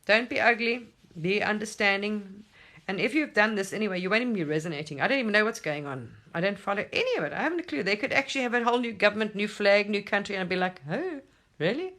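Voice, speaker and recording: A spiritual teacher talking casually to camera at home, animated, swearing and laughing often. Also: medium pitch, fast talker.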